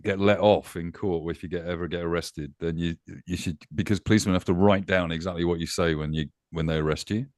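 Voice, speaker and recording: A man's voice: deep voice, fairly even intonation, fast, few pauses, darkish tone, no echo, clean studio sound. A man chatting on a panel, telling wry anecdotes with chuckles. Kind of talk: casual panel chat.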